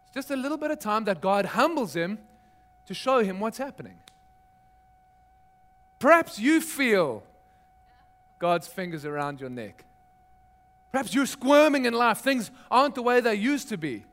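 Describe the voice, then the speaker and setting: A man's voice: high voice, big pitch swings, unhurried, pauses often, a bit bright. A middle-aged man, a pastor, preaching a sermon in a conversational, storytelling way with touches of humor.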